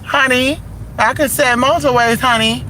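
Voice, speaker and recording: A man's voice: very high voice, fairly even intonation, moderate pace, bright, forceful tone. A man chatting sassily and animatedly while vlogging from his car. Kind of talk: casual car vlog. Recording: traffic noise behind. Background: road traffic.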